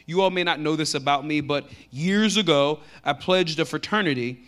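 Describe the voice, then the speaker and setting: A man with a Texan accent delivers a sermon in a high voice. He reads scripture aloud at a slow pace, then shifts into conversational preaching that gains force on his key lines. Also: a bit bright. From Texas. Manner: slows down to read scripture aloud. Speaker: pastor.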